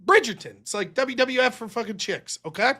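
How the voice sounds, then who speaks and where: A man's voice: very high-pitched, fairly quick, pushed and bright. A man hosting a livestream, talking casually in a rambling, profane, jokey way. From United States. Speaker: livestream host.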